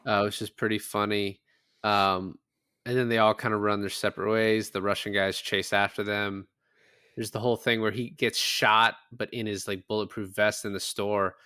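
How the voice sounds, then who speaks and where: A man's voice: on the low side, level tone, normal speed, bright, forceful tone, clean tone, no echo, clean studio sound. A man co-hosting a podcast, casually recapping a film and swearing freely as he talks. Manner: loose, swears freely, acts out quotes from the film. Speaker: podcast co-host.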